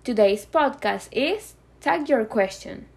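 A woman hosting a grammar podcast, reading clear, carefully scripted explanations. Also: a little high, lively intonation, takes it slowly, a little mellow. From Venezuela. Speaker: podcast host teaching grammar.

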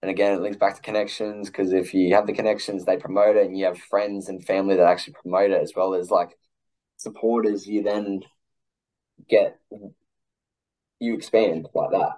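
A man's voice: deep voice, flat delivery, normal speed, dark tone, rough recording. A young Australian man hosting a podcast, chatting casually in a laid-back, slangy way with lots of "like". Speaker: podcast host. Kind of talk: casual chat.

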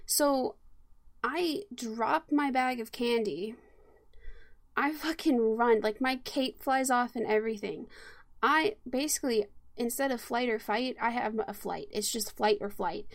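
Laughing woman telling a story, high voice. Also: measured pace, no room sound. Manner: laughing, animated storyteller with casual swearing. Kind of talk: casual storytelling chat.

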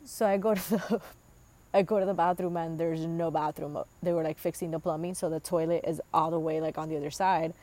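A woman's voice: sits low, steady tone, fairly quick, a little mellow. A woman in her twenties telling a rambling, profane story in a casual monologue, full of fillers. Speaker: host.

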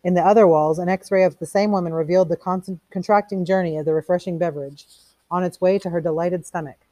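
A woman reads a novel aloud in a somewhat low voice, stepping out of the text now and then to explain it in a relaxed, casual way. The sound is close and dry, with no room around it. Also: fast talker, dry recording. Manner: reads plainly, stops to explain in casual asides. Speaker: teacher reading a novel aloud. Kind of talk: read-aloud with commentary.

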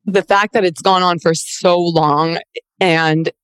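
A woman's voice: fairly low pitch, fairly even intonation, takes it slowly, fairly bright tone, smooth, dry recording. Woman, emotional, near tears, rambling, candid chat, dry close mic. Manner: emotional, rambling, frequent restarts.

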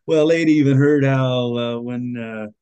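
A man's voice: medium pitch, slow, mellow, clean tone, dry recording, poor audio. A man guesting on a podcast, speaking earnestly and with some indignation, with many fillers in his speech. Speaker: podcast guest, author and activist. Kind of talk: conversational interview.

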